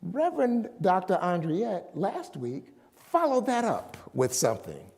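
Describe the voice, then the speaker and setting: A man's voice: high voice, wildly swooping pitch, measured pace, vocal fry, a little mellow, long reverb tail. A middle-aged man preaching a sermon as a minister, emphatic and drawing out his key words.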